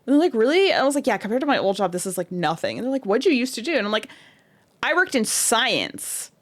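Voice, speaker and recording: A woman's voice: fairly high pitch, very animated, fast talker, fairly bright tone. A young woman chatting casually and venting bluntly, swearing freely. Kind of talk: casual chat.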